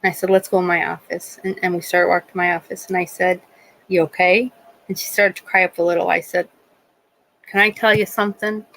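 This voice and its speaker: A middle-aged woman who works as a nurse, hosting a live stream and telling stories in casual chat, animated and acting out the voices of people she quotes. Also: on the low side, brisk, gravelly, a little hiss or hum, poor audio. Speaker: livestream host.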